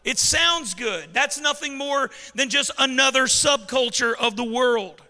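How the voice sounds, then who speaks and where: A man's voice: very high voice, measured pace, pushed and bright, big-room sound. A man preaching a sermon, leading call-and-response with the congregation. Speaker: pastor. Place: large church hall.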